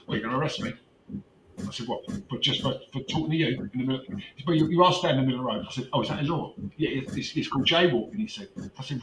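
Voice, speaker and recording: A man's voice: mid-range voice, racing. A man, telling a story in a casual chat and acting out the quoted lines with rhetorical questions. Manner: animated, acts out quoted dialogue, rhetorical questions. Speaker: activist recounting a street confrontation. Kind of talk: casual storytelling on a video call. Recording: roomy distant mic with faint noise.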